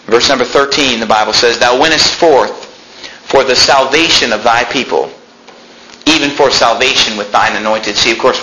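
A middle-aged man preaching a sermon as pastor, fiery, swinging between loud peaks and low intense passages. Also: reverberant, slight background noise, rough recording.

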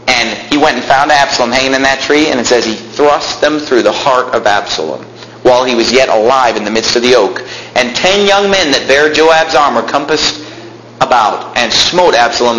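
A man's voice: medium pitch, pushed and bright, slight background noise. A young man preaching a sermon, reading scripture aloud and explaining it in plain talk, building to fervent emphasis. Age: young adult. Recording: echoey room with faint ambience.

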